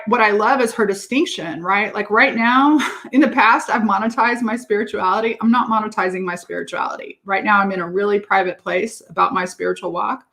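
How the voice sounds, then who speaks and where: A woman business coach talking casually and upbeatly to her viewers, laughing often and filling pauses with "um". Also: medium pitch, a bit bright. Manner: chatty and upbeat, laughs often, many fillers. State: out of breath. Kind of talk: casual livestream talk to viewers.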